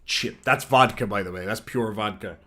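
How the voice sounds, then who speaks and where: A man's voice: on the low side, moderate pace, pushed and bright, a little hiss or hum. Brash, swearing livestream man. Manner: playfully combative, swears freely. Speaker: livestream host. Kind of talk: casual livestream chat, reading viewer messages.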